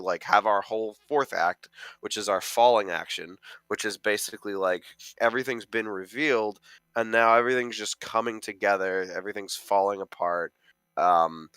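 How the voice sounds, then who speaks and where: A man's voice: fairly low pitch, pushed and bright, clear, resonant tone, no room sound. A young man co-hosting a podcast, chatting casually about films and rambling with many fillers. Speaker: podcast co-host, amateur film critic. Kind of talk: casual chat.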